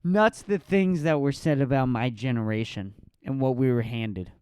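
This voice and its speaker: A man in his twenties doing a solo comedic podcast rant, profane and mocking, sometimes jumping into a shrill voice to mimic others. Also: normal speed, smooth. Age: 20s. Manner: profane, animated, mocking falsetto impressions.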